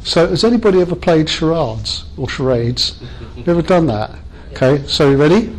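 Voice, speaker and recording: A man's voice: on the high side, animated, moderate pace, a little hiss or hum, poor audio. A man leading a workshop training session, chatty and self-mocking as he jokes with the group.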